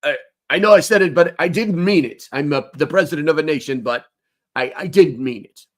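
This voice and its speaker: A man putting on a flustered, stammering head of state who backpedals on his words in a higher, faster mock voice. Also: close to an everyday voice.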